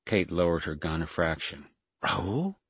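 A man narrating a science fiction audiobook in a measured, steady storytelling manner. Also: low voice, breathy edge, no echo. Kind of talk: scripted narration.

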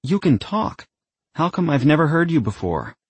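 A man's voice: medium pitch, sing-song, a little slow, darkish tone, husky, dry recording, pitched above the performer's own voice. A man voicing an earnest, insistent young woman who pleads and exclaims. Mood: pleading.

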